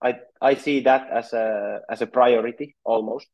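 This native Finnish speaker from Finland, a goalkeeping coach, answers podcast interview questions with care, frequently repeating words as he gropes for phrasing. His medium-pitched voice is steady and a little mellow, at normal speed, with dull audio.

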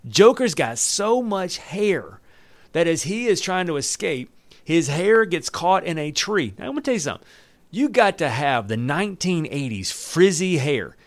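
Guy preaching, reads the bible then cracks jokes, lively and chatty. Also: a little high, normal speed, dry recording. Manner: animated, joking asides with laughs. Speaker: pastor. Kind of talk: sermon reading scripture with commentary.

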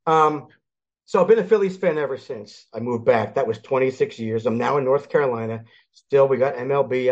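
An older man from Philadelphia, a guest in a casual sports chat, telling lively stories and acting out the people in them. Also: mid-range voice. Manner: animated storyteller, acts out quoted voices. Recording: dull lo-fi audio.

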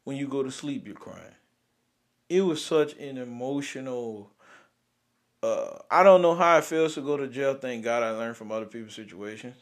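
A young man, hosting and venting about grief in a raw, profane way, swinging from loud outbursts to near-whispers. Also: medium pitch, expressive, normal speed. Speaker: podcast host. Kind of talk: emotional personal venting.

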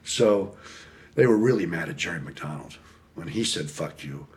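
A middle-aged American man with a deep voice and a moderate pace tells prison stories as a guest on a podcast interview. He swears freely, laughs often, and acts out the voices of the people he quotes.

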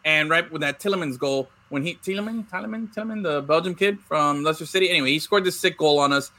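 A man talks sports in a loose, animated way, swearing and restarting his sentences. His voice sits high and sounds bright and forceful. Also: fast talker, no echo. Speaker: podcast co-host. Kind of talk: casual sports chat.

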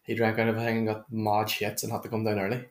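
A man's voice: on the low side, completely flat delivery, racing, reverberant. A young man, chatting casually as a podcast co-host in a blunt, sweary way. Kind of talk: casual chat.

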